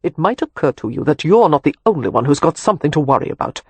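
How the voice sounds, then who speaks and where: A man's voice: on the high side, big pitch swings, fast, darkish tone, husky, dry recording, heavily acted. An audiobook narrator voicing a weary, protective Romany man who talks with dry sarcasm and turns earnest when tender. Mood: tense.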